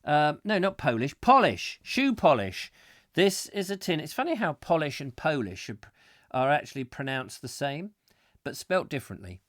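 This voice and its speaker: A man's voice: fairly high pitch, big pitch swings, normal speed, dry recording, clean studio sound. Playful rambling man hosting. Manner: rambling, playful, jokey asides. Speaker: comic chat show host. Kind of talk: live comic chat, reading viewer comments.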